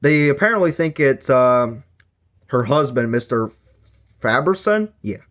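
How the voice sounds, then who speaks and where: A man talks through a book review in a loose, rambling way. He fills gaps with fillers and keeps correcting himself mid-sentence, at an ordinary mid pitch. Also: expressive, a little slow, fairly bright tone.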